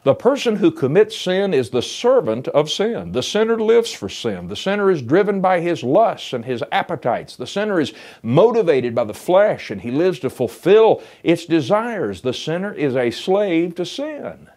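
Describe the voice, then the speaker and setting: A man preaching a sermon, building to emphatic lines and dropping to hushed ones, reading scripture aloud. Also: on the high side, sing-song, normal speed, hardly any pauses. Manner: reads scripture in King James English.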